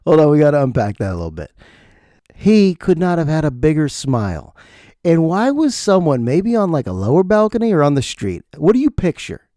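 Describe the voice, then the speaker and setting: Brief: warm-toned middle-aged podcast host, animated comic riffing, quick laughs. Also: male voice, on the high side, dry recording, clean studio sound. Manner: animated, laughs often, mimics lines. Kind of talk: comedic podcast monologue. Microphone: studio podcast mic.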